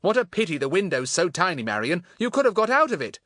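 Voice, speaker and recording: A man reading an audiobook, voicing an eager, bossy schoolboy detective in a brisk, confident manner. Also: high-pitched, big pitch swings, pushed and bright, no room sound, clean studio sound, voice pushed up, heavily acted. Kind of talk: audiobook character voice.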